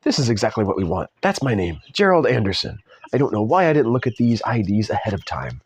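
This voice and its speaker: A man's voice: fairly low pitch, very animated, fast talker, slight background noise. A man reading aloud as a dry, wry English male spy posing as a lawyer, in an understated delivery.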